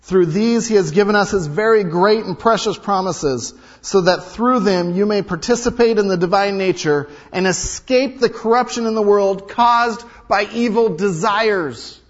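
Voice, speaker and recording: A male pastor preaching a sermon, emphatic, repeating key lines and swinging between loud and hushed delivery. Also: high voice, normal speed, few pauses. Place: large hall or sanctuary. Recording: dull sound with long hall reverb.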